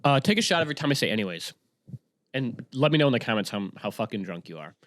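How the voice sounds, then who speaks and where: A young man hosting a casual solo podcast, rambling and excitable, breaking into sudden bursts of yelling. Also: medium pitch, quick pace, slight background noise. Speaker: podcast host.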